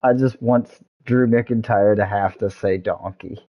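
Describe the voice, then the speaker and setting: A man's voice: on the low side, steady tone, measured pace, lo-fi sound. A young man hosting a gaming video, rambling and joking with frequent laughs and swearing. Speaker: gaming channel host. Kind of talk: let's-play commentary.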